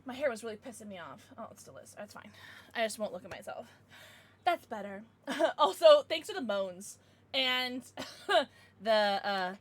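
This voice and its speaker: A woman live-streaming gameplay, talking to chat, excitable, shrieking and laughing, swearing freely. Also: fairly high pitch, normal speed. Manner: chatty, swears, thanks chat.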